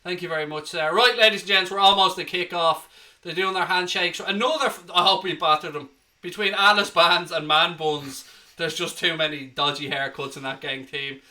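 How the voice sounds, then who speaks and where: A man's voice: fairly high pitch, fairly even intonation, normal speed, bright, forceful tone. An Irish man hosting a live football watchalong, chatting cheekily and reading out viewer comments. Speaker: host.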